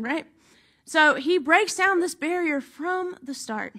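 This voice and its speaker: A woman's voice: high voice, expressive, takes it slowly, sharp tone. A woman pastor reads a gospel passage and then preaches about it in a conversational way, often turning to her listeners with "right?". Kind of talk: sermon.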